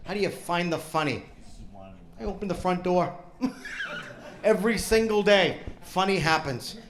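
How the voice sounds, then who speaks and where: At a comedy club with a laughing audience, a man delivers a crude stand-up set, brashly teasing the crowd and carrying a hint of New in his speech. He speaks in a high voice at a moderate pace, with slight background noise.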